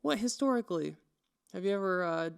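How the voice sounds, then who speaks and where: A man's voice: high voice, a little fast, creaky, clear, resonant tone. A young man co-hosting a podcast, telling stories casually and acting out the quotes. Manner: animated storyteller, acts out quotes. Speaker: podcast co-host. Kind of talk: casual chat, storytelling.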